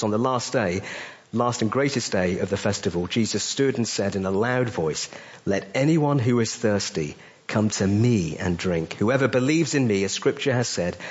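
A male pastor preaching a sermon with emphatic delivery, his voice rising on questions and dropping low on key phrases. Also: highs cut off. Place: church.

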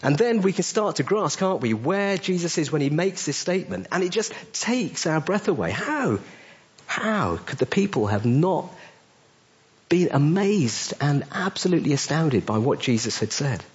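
A man's voice: very animated, normal speed. Man preaching a sermon, dull lo-fi audio. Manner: emphatic preaching, rising on questions and dropping low on key phrases. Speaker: pastor. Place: church.

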